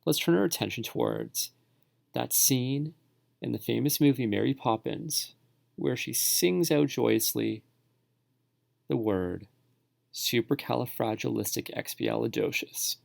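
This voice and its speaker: A man teaches spelling strategies in a calm tutorial voice, breaking words into syllables slowly and clearly. His voice carries a heavy gravelly fry. The sound is close and dry, with no room behind it. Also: medium pitch, no echo. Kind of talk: instructional tutorial narration.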